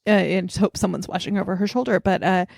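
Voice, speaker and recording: A woman co-hosts a podcast, trading crude, quick-witted jokes in a casual chat. Her voice sits at a middle pitch, recorded close and dry with no room sound. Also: creaky, darkish tone, no room sound. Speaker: podcast co-host.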